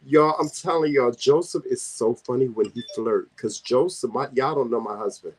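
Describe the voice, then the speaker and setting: A man with a Southern US accent, hosting a casual vlog chat and telling teasing stories in an animated way. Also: medium pitch, normal speed, slight background noise, low-quality recording. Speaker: vlog host.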